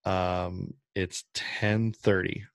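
A man hosting a casual podcast, telling a story in a chatty, animated way and acting out what people said. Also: sits low, very slow, creaky, dry recording. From Midwest US. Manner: animated storyteller, acts out quoted voices. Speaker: podcast host.

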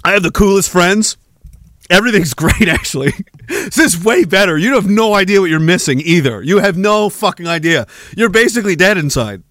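High-voiced man ranting with profanity. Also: very animated, fairly quick, fairly bright tone, no room sound. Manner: heated, swearing, mocking and sarcastic. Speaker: podcast host.

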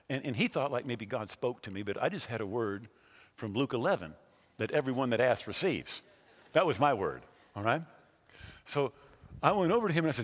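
A man preaching a sermon as pastor, telling a story with loud bursts and then leading a prayer in a hushed voice. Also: medium pitch, sing-song, quick pace, slightly rough, big-room sound.

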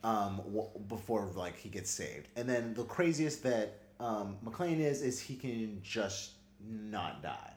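A man's voice: on the low side, lively intonation, takes it slowly, few pauses, roomy sound. A man chatting casually as a podcast co-host, rambling with lots of fillers and frequent laughter. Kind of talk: casual chat.

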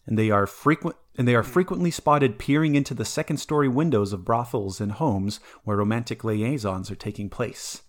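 A man's voice: medium pitch, moderate pace, few pauses. A man co-hosting a podcast, talking about folklore in a casual, rambling way with lots of fillers and restarts. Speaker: podcast co-host presenting folklore. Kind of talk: casual chat.

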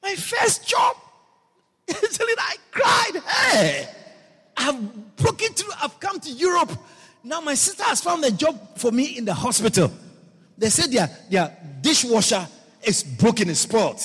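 A middle-aged man from Ghana with a Ghanaian accent, a bishop preaching a sermon built on a personal story, animated, laughing often and breaking into shouts. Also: very high-pitched, measured pace, slightly rough. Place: church hall. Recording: church hall reverb, faint music.

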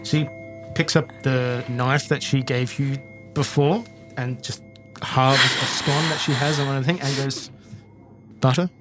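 A man's voice: mid-range voice, steady tone, a little slow, a bit bright, soft background music. A man narrating as game master of a tabletop game, describing scenes with fillers.

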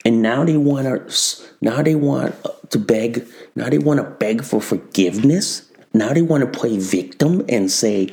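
A podcast host delivers an angry, profane political commentary monologue, ranting and repeating lines. The voice is medium-pitched, a little slow, creaky, and darkish.

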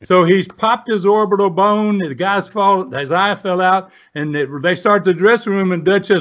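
A man's voice: high voice, moderate pace, fairly bright tone. A man in his seventies from the United States, telling long rambling stories in a folksy, casual way. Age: 70s. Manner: rambling, folksy, many restarts and fillers. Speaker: guest, former pro wrestler. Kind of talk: casual storytelling. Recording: dull lo-fi sound.

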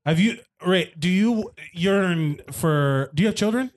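A man's voice: sits high, expressive, unhurried. A man hosting a casual movie commentary podcast, joking and swearing as he rambles with restarts. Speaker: podcast host.

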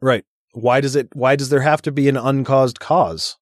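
A man's voice: mid-range voice, fairly even intonation, normal speed, dry recording, studio quality. A man co-hosting a casual podcast chat, reading out an argument and adding sarcastic, profane asides. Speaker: podcast co-host.

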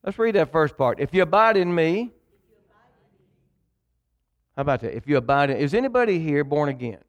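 A man's voice: on the high side, big pitch swings, normal speed, highs cut off. A male pastor preaching a sermon, emphatic and repetitive, calling on the congregation to read along. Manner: preaching with call-and-response to the congregation.

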